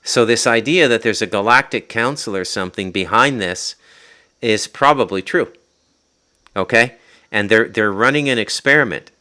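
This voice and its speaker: Rambling Ottawa Valley Canadian man, bright-toned. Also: lowish voice, normal speed. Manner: rambling, self-interrupting, prone to tangents. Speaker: podcast host. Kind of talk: rambling casual livestream talk. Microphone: podcast mic.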